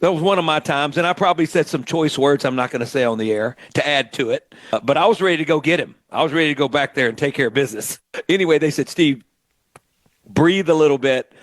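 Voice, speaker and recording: A middle-aged man from Mississippi who hosts a radio show, telling stories in a lively way and acting out what people said. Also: on the high side, fast talker, no room sound. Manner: animated storyteller, acts out quotes. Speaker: radio host and musician. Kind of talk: storytelling radio chat.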